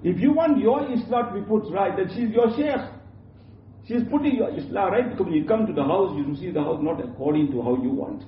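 Guy preaching a sermon, high voice, keeps repeating himself, far off dull recording in a big echoey hall. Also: lively intonation, a little fast. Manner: repetitive, emphatic, with many restarts. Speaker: Islamic preacher. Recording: roomy, distant, dull lo-fi with faint hum.

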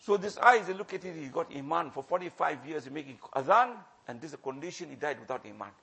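A man delivers a sermon in a husky, gravelly voice. He pleads and warns with passion, hammering phrases again and again and dropping suddenly to a near hush. His voice sits high for a man. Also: expressive, fast talker. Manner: impassioned, repeats phrases for emphasis, swings from loud to hushed. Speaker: religious preacher.

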